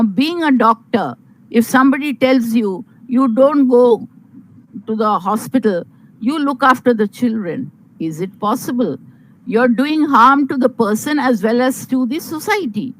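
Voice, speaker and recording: An older woman with an Indian English accent, giving earnest, measured, motherly advice on marriage to young unmarried women, with some fillers. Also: high voice, slight background noise, low-quality recording. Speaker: guest advising on marriage.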